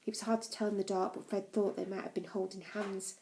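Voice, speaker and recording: Female audiobook reader, calm storytelling, mid-pitched mellow voice. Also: a little fast, slight background noise, rough recording. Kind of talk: reading a novel aloud.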